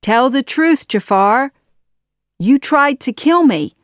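An earnest young hero speaks up with emphatic, pleading words, as a woman reads him. The delivery is slow and the sound dry and close. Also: medium pitch, expressive, darkish tone, no room sound, voice pushed up. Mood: accusing.

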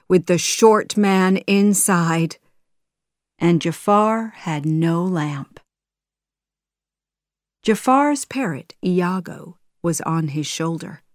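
Very slow, careful storybook narrator woman. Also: lowish voice, darkish tone, no room sound, studio quality. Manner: slow, careful reading for learners. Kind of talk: scripted narration of a graded reader.

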